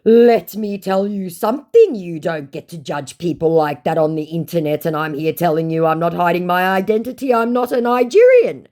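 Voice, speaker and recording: A woman voicing a smug, evasive male online scammer in a dismissive, drawn-out way. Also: on the low side, animated, warm tone, pitched above the performer's own voice, close to an everyday voice.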